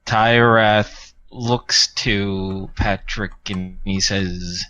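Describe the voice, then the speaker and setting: Slow easygoing guy running a tabletop game, lots of uhs. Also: medium pitch, bright, forceful tone, muffled recording. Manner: unhurried narration with fillers, breaks into laughter. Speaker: game master.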